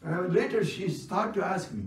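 A man whose first language is Chaldean Aramaic teaches a class in a brisk, commanding way and repeats his instructions. His voice sits fairly high. He is heard from a distance in an echoing classroom with faint noise behind him. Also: expressive. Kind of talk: classroom lecture. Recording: roomy, distant classroom recording.

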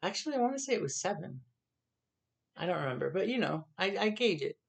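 A man talking casually after playing guitar at home in his city apartment, rambling quickly and quietly with lots of fillers. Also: sits high, sing-song, gravelly, slightly rough. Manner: rambling, quick, soft-spoken talk with fillers. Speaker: singer-songwriter and YouTuber. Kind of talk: casual spoken aside after a guitar performance.

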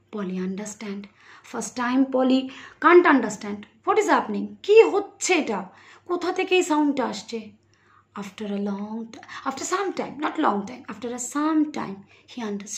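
Bengali-accented woman teaching young children. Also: fairly high pitch. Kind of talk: online English literature lesson.

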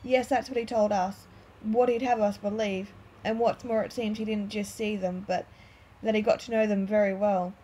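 A woman reading as a gentle elderly storyteller. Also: medium pitch, fairly even intonation, moderate pace, slight background noise, lightly acted, rough recording. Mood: musing. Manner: soft, reminiscing, hesitant.

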